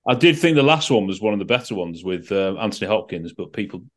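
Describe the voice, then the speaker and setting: A man's voice: lowish voice, animated, quick pace. Opinionated man chatting. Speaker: podcast co-host. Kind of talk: casual chat.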